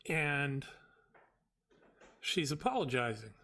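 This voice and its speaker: A man hosting a trading show, retelling a story with quoted dialogue in an exasperated, quick way. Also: a little high, sing-song, pushed and bright. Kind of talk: animated storytelling.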